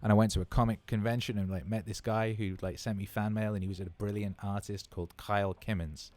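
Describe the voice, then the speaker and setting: Here a thirty-something livestream Q&A host speaks on the low side, fairly quickly, with fairly even intonation and a darkish tone, in a dry recording. His casual rambling is enthusiastic and full of swearing, and he repeats words for emphasis.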